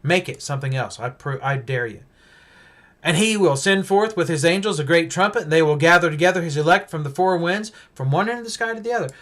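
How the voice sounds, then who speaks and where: A male preacher giving a Bible-teaching sermon, emphatic and full of rhetorical questions, swinging between loud stresses and hushed asides. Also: on the high side, a little fast.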